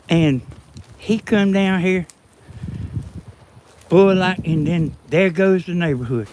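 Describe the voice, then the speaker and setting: A Georgia man with a Southern accent and a slightly high voice, joking and rambling to his viewers as he films outside. He talks straight into the camera. Faint outdoor noise runs under his voice. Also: takes it slowly, pauses often, a little mellow. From Georgia, USA. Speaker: vlog cameraman and co-host. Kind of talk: casual vlog chat to viewers. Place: outdoor garden. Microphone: camera he holds.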